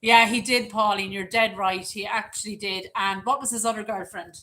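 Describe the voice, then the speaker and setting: Bright-voiced woman hosting a live chat. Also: medium pitch, steady tone, normal speed, slight background noise. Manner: chatty, laughs often. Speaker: livestream host reading chat.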